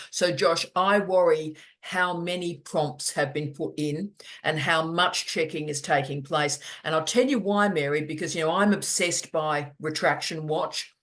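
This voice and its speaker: In a casual video-call office hour, a middle-aged academic talks at a moderate pace in a mid-range voice, hardly pausing at all. Animated and joking, they repeat words to stress points.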